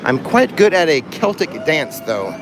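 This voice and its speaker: A man's voice: fairly high pitch, sing-song, measured pace, noisy background. A man hosting a casual livestream while walking through a theme park, joking and laughing at his own jokes. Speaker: livestream host. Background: music and crowd in the background.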